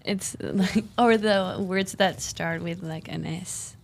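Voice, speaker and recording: A woman's voice: fairly low pitch, slow, vocal fry. A teenage girl from Spain with a Spanish accent, a chatty exchange-student guest on a podcast. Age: teens. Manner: chatty, explains with many "like" fillers.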